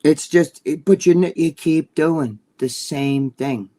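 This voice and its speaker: Profane ranting man, high voice. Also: slow pace, mellow. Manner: ranting, profane, repeats himself, acts out quoted people. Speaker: podcast co-host. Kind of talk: heated casual chat.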